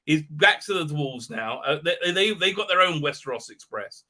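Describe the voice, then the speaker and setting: A man's voice: fairly high pitch, lively intonation, moderate pace, bright, forceful tone. A man hosting a live stream, giving a sarcastic, rambling recap with many "uh, uh" hesitations and sneering asides.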